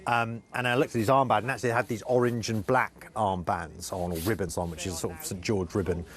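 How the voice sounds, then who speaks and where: A male correspondent reporting live in a news interview, earnest and halting with many restarts. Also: on the low side, steady tone.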